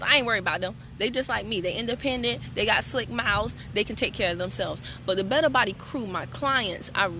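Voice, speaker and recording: A woman's voice: on the high side, vocal fry, noisy background. A woman, probably in her thirties, chatting animatedly and laughing often as she talks to her followers in a casual livestream. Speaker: wellness products seller and team leader.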